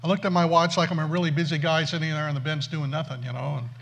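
A man preaching through a funny personal story, animated and self-mocking. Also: a little high, fast. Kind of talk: storytelling sermon.

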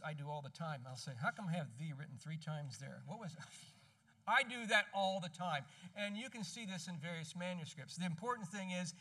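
A man with a high, bright voice teaches through a sermon in a relaxed, conversational way, often stopping to correct himself. He sounds somewhat distant from the microphone. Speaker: pastor. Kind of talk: expository sermon.

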